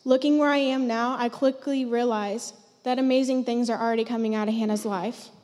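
Teen girl, heartfelt testimony, emotional, fairly high voice, church hall reverb. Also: steady tone, brisk, a little mellow. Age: teens. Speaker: student giving testimony. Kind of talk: personal testimony. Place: church sanctuary stage.

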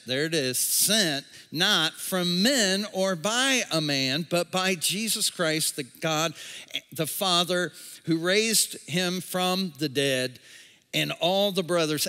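A man's voice: fairly high pitch, sharp tone. A man, the church's pastor, preaching a sermon and reading scripture aloud with casual asides to the congregation. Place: large room, a movie theater used as a church. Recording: long hall reverb.

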